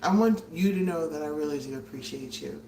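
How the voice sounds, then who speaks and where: A woman's voice: sits low, fairly quick, mellow. A woman hosting a casual cooking livestream from her home kitchen, chatty and a bit out of breath, greeting viewers as she works. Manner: chatty, greets viewers by name, frequent fillers. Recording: roomy, distant, faint hiss.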